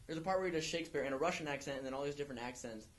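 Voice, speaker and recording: A man's voice: on the high side, rapid-fire. Young man rambling on a podcast. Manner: rambling, full of restarts and fillers. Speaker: podcast co-host. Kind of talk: casual chat.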